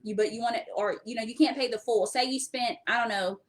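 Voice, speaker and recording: A woman runs a live Q&A on credit in a fairly high voice. She is energetic, talks straight to her viewers and repeats words to drive home a point. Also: quick pace. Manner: talks straight to viewers, greets them by name. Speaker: host, credit educator. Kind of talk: live-stream Q&A.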